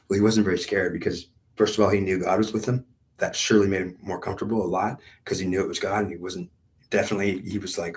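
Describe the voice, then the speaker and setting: A man's voice: sits low, a little fast. A man telling a rambling spiritual story in a meandering, repetitive way, full of fillers and restarts.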